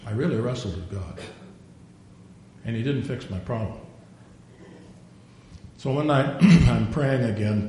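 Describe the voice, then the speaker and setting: An older man preaches in a folksy, storytelling manner, slipping into little acted voices for prayers and conversations. His voice sits at a middle pitch and rings through a very echoey room with a faint hiss of noise behind it. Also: measured pace, long pauses, dark tone. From Norwegian. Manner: folksy storytelling, acts out dialogue. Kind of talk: sermon.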